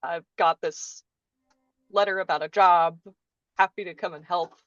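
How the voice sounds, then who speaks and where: A woman's voice: fairly low pitch, fairly even intonation, unhurried, fairly bright tone, no room sound. A woman voicing a polite, weathered male dwarf warrior in her own plain voice, on a dull lo-fi mic. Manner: polite, genuine.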